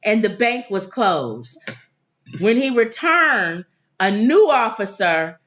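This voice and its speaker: A woman's voice: mid-range voice, big pitch swings, slow pace, a bit bright. A woman co-hosting a casual talk show, reading celebrity news aloud and breaking off to joke.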